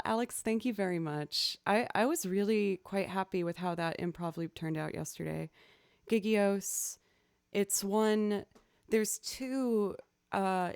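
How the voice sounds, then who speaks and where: A woman's voice: lowish voice, darkish tone, smooth, no room sound, studio quality. A young woman streaming live, chatting casually with viewers, greeting them by name and laughing often. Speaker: streamer and musician.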